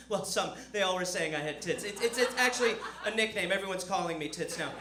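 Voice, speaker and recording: A man's voice: high-pitched, fast, few pauses, crowd noise. A man telling a self-mocking stand-up story on a comedy club stage. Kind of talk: stand-up set. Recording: echoey club room with audience noise.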